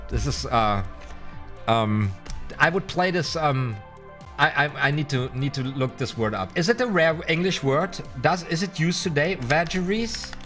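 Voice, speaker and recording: A man's voice: fairly high pitch, a bit bright. A man with a German accent, a non-native English speaker, teaching card magic in a casual live stream, reading aloud and sounding out words with many fillers. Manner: chatty and playful, hesitant with fillers, sounds out words slowly.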